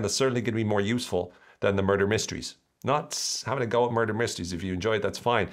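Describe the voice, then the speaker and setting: Guy talking on his podcast, really low voice, jokey and lively. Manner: lively, jokey, mocking asides. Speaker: podcast host. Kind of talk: solo podcast talk.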